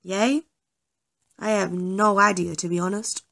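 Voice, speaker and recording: A woman's voice: medium pitch, steady tone, measured pace, gravelly, a bit bright. A young woman chatting casually over gameplay, often apologizing and joking about herself. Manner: self-deprecating, apologetic, chatty. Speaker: gaming YouTuber.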